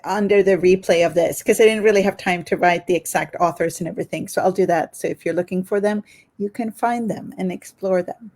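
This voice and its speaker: A woman's voice: fairly low pitch, fairly quick, darkish tone. A woman hosting a casual online conversation, thanking her guest and asking open questions. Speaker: host. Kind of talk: casual chat.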